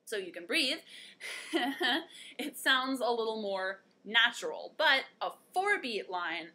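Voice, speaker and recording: A young woman talks through a one-take video lesson in a chatty, playful way and groans at her own puns. Her voice sits a little high and sounds bright and clear. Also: very animated, unhurried. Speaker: host.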